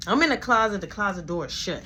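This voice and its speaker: A woman's voice: mid-range voice, quick pace, slight background noise. A woman telling a story casually and with energy, sometimes dropping to a whisper, in a slangy way. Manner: animated, drops to whispers, slangy retelling. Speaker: vlogger.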